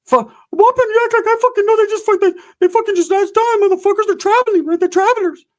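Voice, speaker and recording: A man putting on a high, squeaky voice for an excitable young cousin in a comedy story. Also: fast talker. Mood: defensive.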